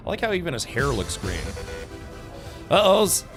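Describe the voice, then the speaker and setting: Chatty streamer with a lively voice. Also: male voice, on the high side, normal speed, over music. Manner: chatty, reacts and reads chat aloud. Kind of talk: casual let's play commentary.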